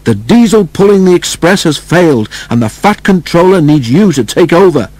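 A steadfast engine driver from a storybook, urging his engine on as a man reads him. His husky voice sits higher than plain speech and carries a reassuring push. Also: animated, normal speed, a little mellow, no room sound. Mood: urgent. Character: encouraging male engine driver, middle-aged.

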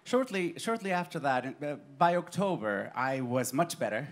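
A man performing autobiographical cabaret storytelling on a live stage, animated and laughing through his lines. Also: mid-range voice, moderate pace.

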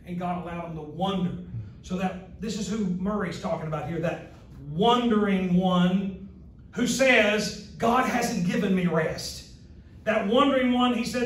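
A male Bible college instructor giving a recorded lecture, reading quotes slowly with earnest asides and restarts. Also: high-pitched, slight background noise. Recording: very echoey room, mic at a distance.

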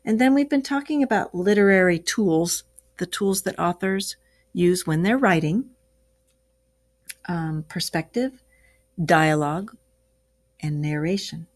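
A woman's voice: on the low side, lively intonation, measured pace, pauses often. A woman teacher reading a story aloud to young pupils and stopping to explain words. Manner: explains words to children as she reads. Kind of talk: classroom read-aloud.

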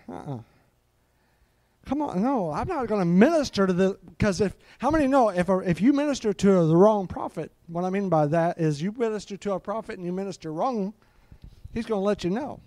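A man's voice: high voice, animated, brisk, dark tone, no echo. A middle-aged man preaching a live sermon, fervent and peppered with hallelujahs.

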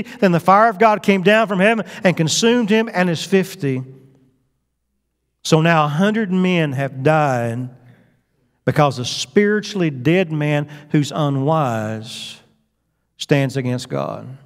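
Male pastor, high voice, sermon delivery that swings loud to hushed, reverberant church hall. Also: a little slow. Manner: emphatic preaching, swinging between loud and low. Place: church sanctuary.

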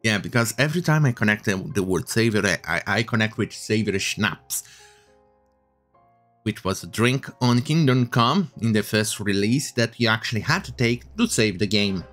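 A man's voice: lowish voice, expressive, moderate pace, a bit bright, faint music behind. Sarcastic man ranting about the news. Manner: mocking, swearing, laughs at the news. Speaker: commentary host.

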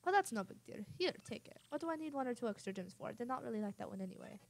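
A woman's voice: a little high, expressive, racing, vocal fry. A woman voicing a ghostly old male pirate king in a theatrical, boastful way, with a put-on Spanish accent. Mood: scornful.

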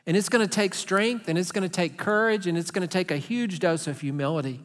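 Earnest high-voiced preacher in a reverberant hall. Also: male voice, fairly quick. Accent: Texan. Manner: earnest, conversational, acts out voices for humor. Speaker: pastor. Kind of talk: sermon. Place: large church sanctuary.

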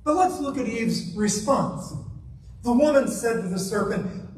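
A guest minister delivers a sermon in a church sanctuary, putting rhetorical question after rhetorical question to the congregation with emphasis. He has a very high, expressive voice with a darkish tone and speaks a little slowly, captured from far off in the echoey hall.

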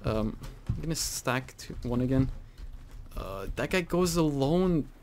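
A man giving casual, rambling commentary over his own gameplay, full of fillers and sudden excited outbursts. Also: medium pitch, measured pace. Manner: chatty, rambling with many fillers, bursts into excited exclaims. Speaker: gaming channel host.

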